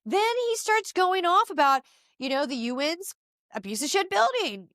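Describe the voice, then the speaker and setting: A middle-aged woman hosting a podcast, giving opinionated casual commentary in an animated, exasperated rant with frequent asides. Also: very high-pitched, moderate pace, no echo, studio quality. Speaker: podcast host.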